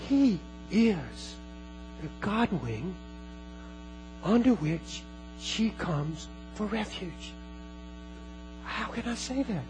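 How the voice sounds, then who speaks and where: High-voiced guy preaching, earnest, repeats himself a lot, faint music under it. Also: sing-song, darkish tone, rough recording. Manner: earnest, repeats phrases, many restarts, slows for emphasis. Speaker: pastor. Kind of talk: sermon.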